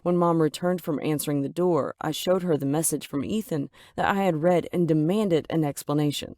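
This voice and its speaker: A woman narrating a first-person story in an even, measured way, voicing the quoted lines herself. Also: low voice, no room sound, clean studio sound.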